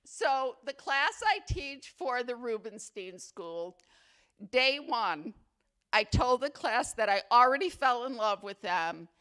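Her voice is fairly high, bright, clear and resonant, and she speaks slowly yet with animation. This faculty award recipient delivers a chatty acceptance speech at a ceremony, mixing playful humor with affection and sentiment.

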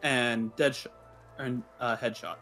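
A man's voice: mid-range voice, fairly even intonation, takes it slowly, sharp tone, faint music behind. A young man chatting as a teammate in a zombie game, matter-of-fact, giving directions and arguing his point. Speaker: teammate in voice chat. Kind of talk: casual gaming chat.

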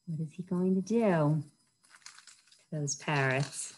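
A woman's voice: sits low, takes it slowly, noisy background. A woman reading a picture book aloud to children at a library storytime, often asking her listeners questions. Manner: animated, asks the listeners questions.

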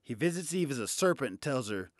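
A man's voice: mid-range voice, sing-song, fast talker, no echo, clean studio sound. A man doing a stand-up routine, sarcastic and profane. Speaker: stand-up comedian.

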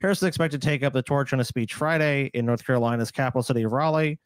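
Fast, crude comedic co-host, man. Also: mid-range voice, clear, resonant tone, no echo. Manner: swearing, mocking, animated. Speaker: podcast co-host. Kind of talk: casual comedic reaction chat.

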